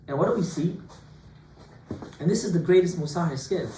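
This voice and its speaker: Joking rabbi teaching a lively class. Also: male voice, on the high side, normal speed. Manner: lively, joking, full of rhetorical questions. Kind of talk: informal Torah class. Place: classroom with students. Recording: echoey room, distant mic, faint hiss.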